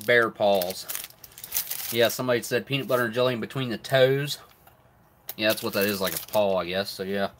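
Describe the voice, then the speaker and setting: A man's voice: lowish voice, a little fast, pauses often, a bit bright, slight background noise. A middle-aged man hosts a live stream, chatting casually about rations while eating, often with his mouth full. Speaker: live stream host reviewing military rations.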